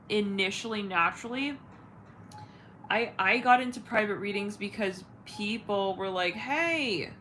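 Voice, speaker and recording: A woman's voice: medium pitch, sharp tone, a little hiss or hum, rough recording. A woman tarot reader and channel host chatting casually to her viewers, rambling, swearing, and searching for her words with many fillers. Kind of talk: casual livestream chat.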